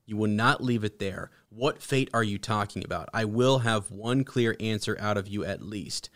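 A man's voice: fairly low pitch, normal speed, a bit bright, close to an everyday voice. A man reading as a defiant young gambler. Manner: barking, demanding answers.

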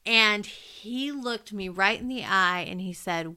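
A woman teacher telling a funny classroom story in an animated way, laughing as she goes. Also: medium pitch, takes it slowly, clean tone. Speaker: teacher and podcast co-host. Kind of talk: personal storytelling.

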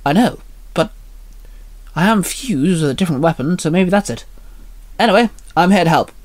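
A man's voice: high-pitched, animated, moderate pace, no room sound. A man voicing a cheerful, eager talking magic sword in a raised, upbeat voice.

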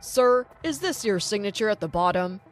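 A woman's voice: mid-range voice, animated, normal speed, soft background music, voice pushed down, close to an everyday voice. A woman voicing a male police officer who speaks firmly and formally. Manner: firm, formal.

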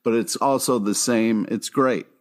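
A man's voice: mid-range voice, unhurried. A man co-hosting a casual podcast discussion, enthusiastic and laughing often. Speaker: podcast co-host.

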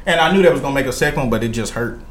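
A man hosting a casual podcast chat with friends, animated as he retells movie scenes and quotes the characters. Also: mid-range voice, rapid-fire. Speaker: podcast host. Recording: echoey room, faint background noise.

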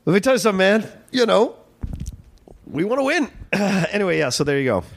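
Swearing, lively male podcast co-host. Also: high voice, vocal fry, faint music behind. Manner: swears freely, quick reactive interjections. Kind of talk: casual chat.

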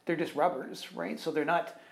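With a fairly high, gravelly voice at a moderate pace, a male podcast co-host spins a long, rambling work story. He's animated, acts out other people's quotes, and keeps tagging sentences with "right?" and "kind of thing."

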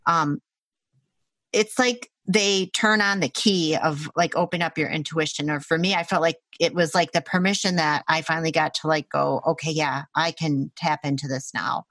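A woman's voice: low-pitched, normal speed, a bit bright, dry recording. A woman who works as a Reiki practitioner, telling a story casually in a conversation. She talks animatedly, laughs often and uses many fillers. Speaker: Reiki practitioner and intuitive healer.

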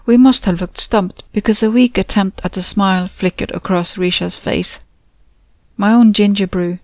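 A woman narrating a first-person novel in a measured, expressive reading. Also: mid-range voice, no room sound. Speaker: audiobook narrator. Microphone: close, dry home studio.

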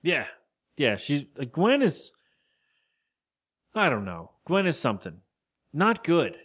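A man's voice: on the high side, very animated, a bit bright. A man co-hosting a casual podcast, rambling through an episode recap and acting out characters' lines. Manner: rambling, acts out characters' lines in quick voices. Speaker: podcast co-host.

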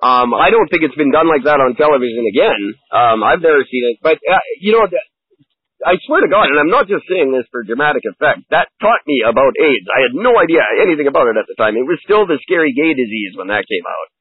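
A man's voice: medium pitch, fast, breathy edge, dry recording. A man co-hosting a podcast, chatting enthusiastically about an old TV show. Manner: enthusiastic, animated storytelling. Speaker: podcast co-host. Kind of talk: casual chat. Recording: tinny phone-like line.

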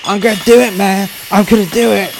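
A man voicing a deranged, drugged-up man locked in a train toilet, shouting threats in a raised, strained voice. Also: sits high, steady tone, fairly quick, creaky, noisy background, pitched above the performer's own voice. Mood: raging. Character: raging man barricaded in a train toilet, high.

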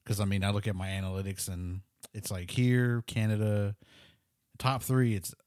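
A man with a lowish voice rambles through a casual chat, full of fillers and restarts. He is close to the mic, with a dry sound. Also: level tone, normal speed, darkish tone, no room sound. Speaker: musician guest.

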